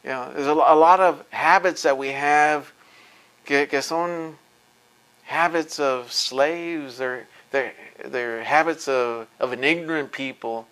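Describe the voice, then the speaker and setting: A man's voice: on the high side, slow pace, a bit bright. A man giving an impassioned lecture, intense and emphatic, blunt and profane, often repeating words as he presses his points.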